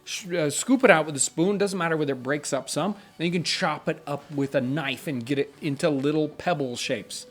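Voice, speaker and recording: A man's voice: on the high side, brisk, hardly any pauses. A middle-aged man hosting a casual question-and-answer chat, explaining things earnestly and reading out viewer questions. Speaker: channel host.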